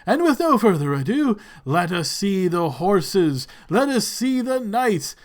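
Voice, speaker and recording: Pompous lord regent, booming and high-pitched, slow and stately, played by a man. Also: big pitch swings. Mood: grandiose. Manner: grand, drawn-out proclamations. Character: pompous male noble regent hosting a tournament.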